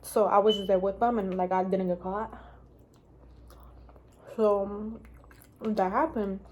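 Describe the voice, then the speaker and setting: A woman's voice: mid-range voice, steady tone, measured pace, darkish tone, slight background noise. A young woman telling a casual storytime vlog, rambling and swearing, with lots of "like". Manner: rambling, profane, heavy use of "like". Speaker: vlogger.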